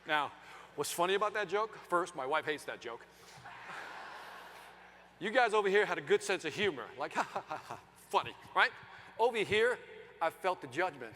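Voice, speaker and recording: A middle-aged man gives a comic keynote, swinging between loud bursts and hushed asides on a conference stage. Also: high-pitched, animated, normal speed, pauses often, a little hiss or hum. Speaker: keynote speaker. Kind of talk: comedic keynote storytelling. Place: large conference hall stage. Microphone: stage microphone. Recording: long reverb of a large hall.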